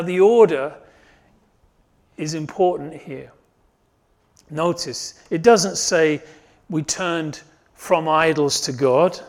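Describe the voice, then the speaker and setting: Man preaching a sermon in a highish voice. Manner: rises and swells when stressing a point, then drops low and soft; repeats and restarts phrases while preaching. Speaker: pastor.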